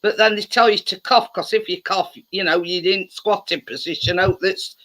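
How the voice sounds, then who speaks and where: A man joins a casual chat, jumping in with his own comments. His voice is high for a man and sharply bright. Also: fairly even intonation, moderate pace.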